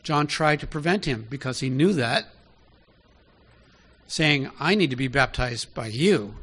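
A man's voice: mid-range voice, animated, measured pace, a bit bright, slightly rough. A man preaching a sermon in an easy, conversational way, often asking his listeners direct questions.

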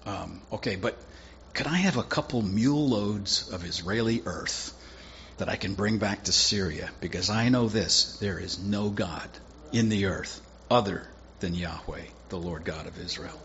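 Preacher putting on a proud army commander, lowish voice, talks slangy and casual, dull muffled recording. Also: male voice, a little slow, a bit bright, a little hiss or hum. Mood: sheepish. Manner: casual, exasperated retelling in modern slang. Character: Naaman, proud foreign military commander, blunt.

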